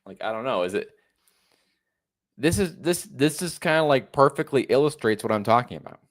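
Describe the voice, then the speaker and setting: A man's voice: mid-range voice, lively intonation, normal speed. A man in his thirties hosting a casual commentary, reacting to a video in a sarcastic, incredulous tone. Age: 30s. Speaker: host.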